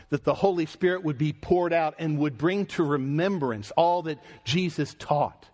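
A man preaching a sermon in an earnest, emphatic way, his voice rising and falling for emphasis. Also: on the high side.

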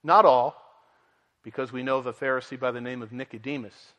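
A man's voice: medium pitch, fairly even intonation, fairly quick, fairly bright tone, long reverb tail. A man preaching an earnest expository sermon, at times voicing the people in the story with dramatic emphasis. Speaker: pastor.

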